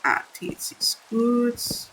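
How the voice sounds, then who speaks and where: A woman with a non-native English accent chatting candidly on a live stream while gaming, halting and apologetic. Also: fairly high pitch, steady tone, fairly bright tone, a little hiss or hum, low-quality recording.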